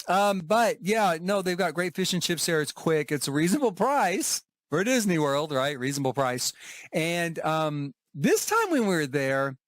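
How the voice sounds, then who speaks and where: A man's voice: on the high side, fairly bright tone, no room sound. A man from Oklahoma, casually reviewing theme park food and shops on a travel vlog, chatty and rambling with asides. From Oklahoma, USA. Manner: chatty and rambling, with frequent asides, restarts and laughs. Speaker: travel vlogger.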